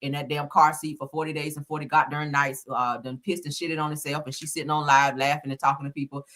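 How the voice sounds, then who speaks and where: A woman's voice: low-pitched, flat delivery. A woman hosting a casual gossip commentary show, sassy and laughing, reading people down with slang. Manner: loud, sassy, laughing, drawn-out mock singing. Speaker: commentary channel host.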